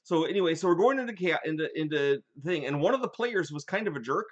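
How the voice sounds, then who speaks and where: An older man hosting a casual live chat, telling animated stories from his gaming sessions. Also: a little high, fast talker, lo-fi sound. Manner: animated storyteller, rambling with restarts.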